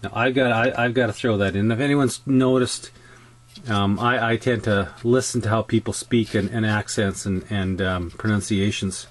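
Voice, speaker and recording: A man's voice: on the low side, fairly even intonation, normal speed. A man with a Canadian accent talking casually through a scale-model weathering tutorial, rambling and restarting his sentences. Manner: rambling, chatty, frequent restarts and ums.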